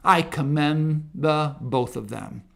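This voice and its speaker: A ministry speaker with a voice on the high side delivers a monologue unhurriedly. His voice carries a gravelly, fried edge, and he builds into loud, emphatic preaching.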